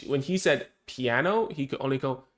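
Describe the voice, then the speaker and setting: A man's voice: mid-range voice, lively intonation, normal speed, fairly bright tone. A man, a speech therapist, explaining in a casual, conversational way, thinking aloud and often checking in with "right?" and "okay?".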